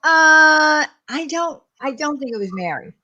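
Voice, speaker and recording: A woman's voice: sits high, expressive, a little slow, sharp tone, dull audio. A woman with an American country accent, hesitant and full of fillers in a casual online chat.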